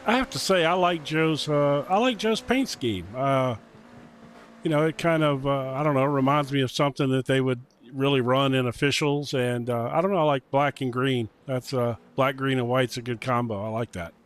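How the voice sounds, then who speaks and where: A man from the United States giving relaxed color commentary on a sim race, rambling with ums and you-knows. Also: mid-range voice, normal speed. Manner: chatty, rambling with um and you know.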